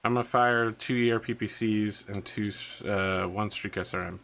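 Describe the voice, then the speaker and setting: A man's voice: fairly low pitch, fairly even intonation, moderate pace, a bit bright, a little hiss or hum. A man narrating and running a tabletop wargame as game master, laid-back and thinking aloud.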